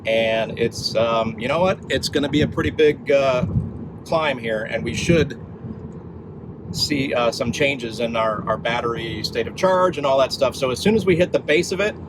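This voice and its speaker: A man's voice: medium pitch, normal speed, noisy background. Chatty middle-aged man vlogging from his car. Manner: chatty and upbeat, many fillers. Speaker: vlog host. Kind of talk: casual travel vlog. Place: in and around a car at a charging station.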